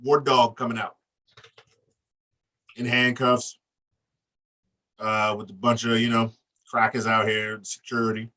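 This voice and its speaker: A man on a casual wrestling podcast, talking loud and animated, cursing freely and laughing. His voice is bright and forceful. He sits a little back from the mic. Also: medium pitch, measured pace, long pauses, recorded from a distance. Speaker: podcast co-host recapping wrestling. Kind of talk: profane casual chat.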